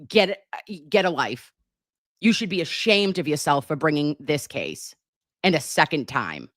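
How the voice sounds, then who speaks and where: A woman's voice: low-pitched, very animated, measured pace, fairly bright tone, no echo, clean studio sound. A woman hosting a commentary channel, talking in a sarcastic, scolding way. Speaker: commentator host. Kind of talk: animated casual commentary.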